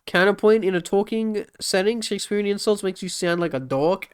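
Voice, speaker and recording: A man's voice: sits high, fairly quick, hardly any pauses, smooth. A young adult man streaming live, reacting with joking, teasing interjections. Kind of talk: casual livestream reaction chat.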